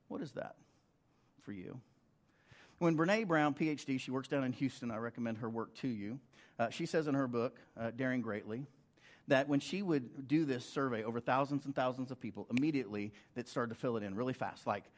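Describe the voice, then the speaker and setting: Middle-aged pastor, conversational sermon. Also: male voice, mid-range voice, lively intonation, a little fast. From United States. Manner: conversational, rhetorical questions to the congregation.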